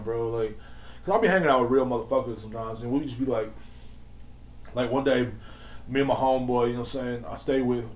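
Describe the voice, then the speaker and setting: A man's voice: medium pitch, reverberant. A man in his thirties hosting a solo podcast, ranting in a swaggering, slangy, profane and mocking way. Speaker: podcast host.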